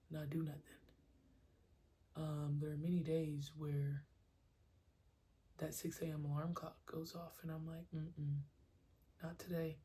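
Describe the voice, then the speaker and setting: Woman host, lowish pitch, casual and slangy, animated youth-coach energy. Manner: animated, acts out her own coaching shouts; slangy, conversational. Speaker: podcast host and youth sports trainer. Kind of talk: casual monologue.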